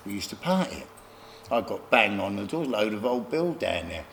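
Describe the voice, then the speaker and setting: A middle-aged man, telling rough stories from his life as an interview guest, often laughing and acting out other people. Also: on the low side, very animated, moderate pace, a bit bright, slight background noise. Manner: gravelly, laughing anecdotes, acts out other voices. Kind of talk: casual storytelling.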